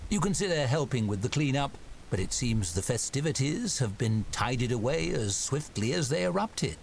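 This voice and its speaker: A man's voice: medium pitch, expressive, normal speed, creaky, slight background noise. A man giving scripted narration for a story game in a dry storybook manner.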